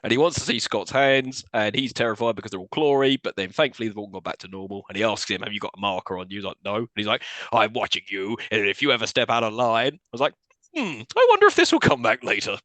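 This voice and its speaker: A man on a podcast rattles through a film plot at speed, his pitch jumping around as he mimics the characters. His tone is sarcastic and playful. The sound is dry and close, with no room around it. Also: quick pace, dry recording. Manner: animated, sarcastic storytelling with voiced quotes. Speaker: podcast co-host. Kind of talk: casual film-recap chat.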